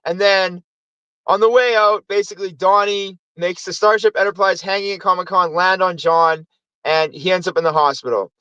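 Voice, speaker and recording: Man, high voice, casual rambling movie review host, dry dull lo-fi sound. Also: fairly even intonation, normal speed, bright, forceful tone, smooth, no echo. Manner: rambling, acts out movie quotes.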